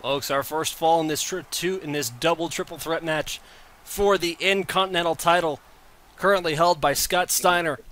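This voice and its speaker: A man calls a wrestling video game match in casual play-by-play, with a high, bright voice. He is excitable and jokey, laughing between calls. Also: moderate pace. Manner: excitable, laughs often, stumbles over numbers.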